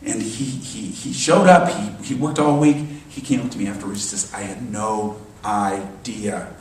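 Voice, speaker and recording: A man delivering a sermon as a minister, animated and emphatic, often repeating his phrases. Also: medium pitch, brisk, a little hiss or hum. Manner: animated, emphatic preaching with repetitions. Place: church sanctuary. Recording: echoey church hall from far off.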